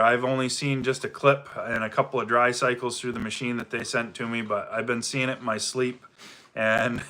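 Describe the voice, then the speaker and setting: Middle-aged man with a mild Maine accent, easygoing livestream host, bright and forceful tone. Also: mid-range voice. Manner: easygoing, rambling, reads viewer comments aloud. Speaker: livestream host, firewood seller. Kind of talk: casual livestream chat.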